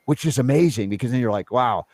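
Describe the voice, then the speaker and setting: A man in the host's chair, speaking in an earnest, reflective way about spirit and faith, his pitch sitting in an ordinary middle range. The sound is dry and close, with no room echo. Now and then he jumps up in pitch when he gets animated. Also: brisk. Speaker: host. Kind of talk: casual spiritual conversation.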